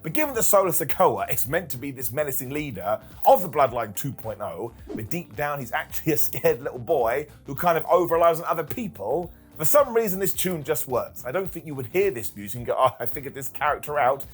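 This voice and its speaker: A man's voice: fairly high pitch, big pitch swings, fairly quick, hardly any pauses, soft background music. A man hosting a casual, jokey commentary video, talking to camera with playful asides. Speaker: wrestling commentary host.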